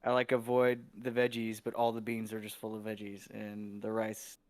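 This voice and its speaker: A man's voice: lowish voice, monotone, normal speed. A young man co-hosting a casual podcast chat, rambling with lots of fillers and laughing easily. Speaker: podcast co-host.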